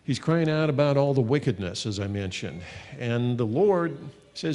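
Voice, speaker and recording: A man's voice: mid-range voice, expressive, moderate pace, few pauses, dark tone, in a large hall. A man teaching a sermon as a pastor, earnest and conversational, reading passages of scripture aloud.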